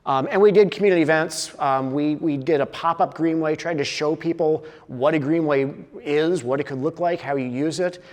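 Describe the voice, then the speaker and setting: A man's voice: fairly high pitch, normal speed, few pauses, a little mellow, big-room sound. A man giving a conference presentation, with a lot of uhs and restarts. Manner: filler-heavy, with many uhs and restarts. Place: conference hall.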